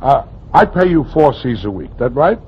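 An actor playing a brusque, slangy theater owner in an old radio drama. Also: male voice, mid-range voice, very animated, normal speed, slightly rough. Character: brusque gruff male theater owner, streetwise. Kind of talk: 1940s radio drama acting. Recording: dull old radio recording, faint hiss.

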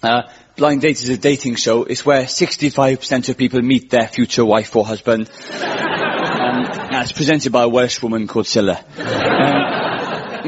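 A man hosting a stand-up comedy radio show before a studio audience, with a quick, wry delivery and frequent laughs. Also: medium pitch, steady tone, a loud crowd. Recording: lo-fi radio recording with loud audience and noise.

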